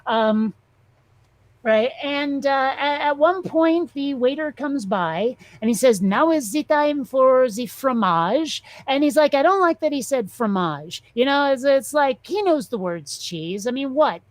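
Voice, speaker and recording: A woman host rambling through a comic story with profane asides. Her voice sits a little high and comes across dry and close. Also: animated, measured pace, no echo, rough recording. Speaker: show host. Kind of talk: casual chat.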